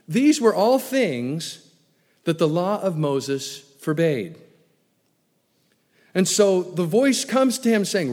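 A man preaching a sermon as pastor, swinging from booming emphasis to low asides. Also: expressive, unhurried. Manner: preaching with wide swings in loudness, booming then dropping low. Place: church sanctuary. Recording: long reverb of a large hall.

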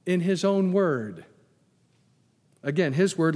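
A man's voice: on the high side, lively intonation, measured pace, big-room sound. A man preaching a sermon as pastor, emphatic, repeating key phrases and putting questions to the congregation.

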